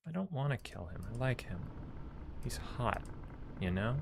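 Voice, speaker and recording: A man's voice: medium pitch, very animated, normal speed, vocal fry, background noise. A man streaming a space game, chatting casually, joking and swearing to himself, and reading story text aloud. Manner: joking, profane, talks to himself.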